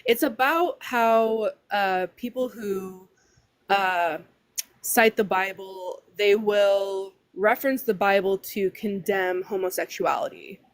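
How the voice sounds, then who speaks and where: A woman's voice: mid-range voice, slow, dry recording. Hesitant woman caller in her thirties. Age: 30s. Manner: hesitant, many fillers.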